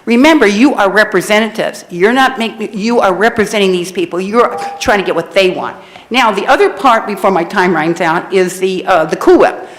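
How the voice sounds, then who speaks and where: A woman at the podium in a council chamber, speaking into the microphone with impassioned, sermon-like fervor. She rambles a little as she goes, in a voice of middling pitch. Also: normal speed. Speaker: public commenter. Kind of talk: public comment at council meeting.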